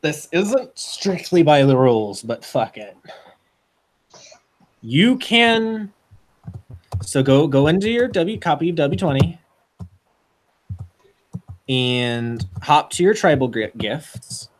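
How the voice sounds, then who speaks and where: A man's voice: a little high, very animated, slow pace, long pauses. A man running a tabletop role-playing game as game master, loose and swearing, bending the rules for his players.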